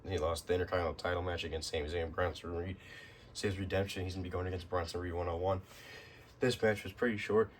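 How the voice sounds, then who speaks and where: A man with a deep, even, fairly monotone voice talks through a casual recap. He rambles and restarts his sentences, fills the gaps with "uh" and "um", and a faint hiss sits under him. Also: fast. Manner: rambling, many fillers and restarts. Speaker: wrestling recap host.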